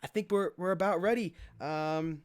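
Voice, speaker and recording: A man casting a mobile shooter tournament on a live stream, calling the action in quick, excited play-by-play. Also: high-pitched, clear, resonant tone. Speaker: esports caster. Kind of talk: live game commentary.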